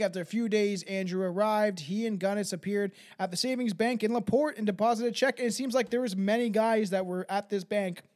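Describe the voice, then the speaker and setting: A podcast host telling a true-crime story casually, swearing and tripping over names. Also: medium pitch. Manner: swears freely, laughs, trips on names.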